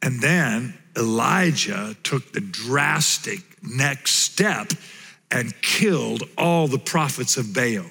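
A pastor preaching a sermon, telling a Bible story in an animated way and putting on playful voices for the characters. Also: male voice, mid-range voice, slow pace, vocal fry, slightly rough, in a large hall.

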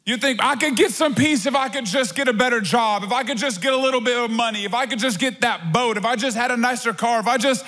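A man's voice: very high-pitched, fast talker, hardly any pauses, pushed and bright, soft background music. A man preaching a sermon as pastor, in a conversational, playful way with asides. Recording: long hall reverb.

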